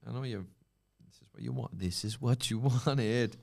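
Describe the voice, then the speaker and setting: A man's voice: medium pitch, normal speed, gravelly. A man co-hosting a wrestling podcast, chatting casually and laughing as he reads out jokes. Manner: lively, laughs through his reading. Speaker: podcast co-host. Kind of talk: casual chat.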